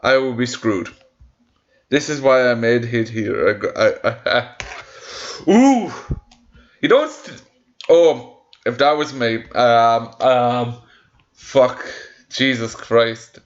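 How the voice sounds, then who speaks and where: A young man reacting to stories he reads aloud, heated and full of swearing. He trips over his words and starts sentences again. His voice sits at a middling pitch and comes through a slightly muffled, lo-fi mic. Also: slow pace, pauses often. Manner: heated, swearing, stumbling restarts. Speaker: vlogger reading stories. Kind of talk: casual reaction rant.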